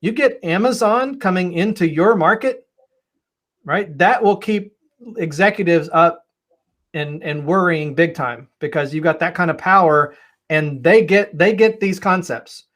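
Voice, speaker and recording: A man's voice: high voice, unhurried, a bit bright. A man on a webinar panel giving emphatic, persuasive answers about agile leadership, often repeating words as he starts a thought.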